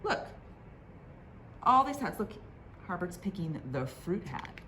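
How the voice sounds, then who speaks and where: A woman librarian reading picture books aloud at a children's storytime, in an expressive, sing-song manner. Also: fairly low pitch, slow pace, slight background noise.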